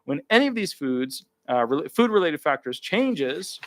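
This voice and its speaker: Guy lawyer reading out a rule live, stacks up repeated words for emphasis, fairly high voice, dry close sound. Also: very animated, normal speed, no room sound. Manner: offhand asides between read-out passages. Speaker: disability attorney.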